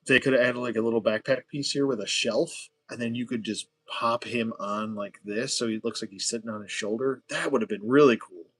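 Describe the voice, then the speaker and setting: A man casually chatting and joking to himself as he builds toy figures on a livestream, sometimes dropping to a hushed whisper. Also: mid-range voice, a little fast, few pauses, breathy edge. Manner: chatty, jokey, talks to himself while building. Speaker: toy collector host.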